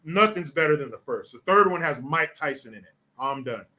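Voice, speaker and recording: A male show host riffs on viewer comments in loose, profane commentary. His voice sits a little high, with a bright and forceful edge. He rambles and restarts, bluntly and without polish. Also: lively intonation, brisk.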